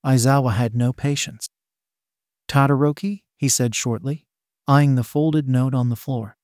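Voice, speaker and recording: A man narrates fan fiction in a steady, plain reading voice and keeps the swearing in. His pitch sits in an ordinary middle range. The sound is dry and close, with no room around it. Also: normal speed, dry recording. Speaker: story narrator.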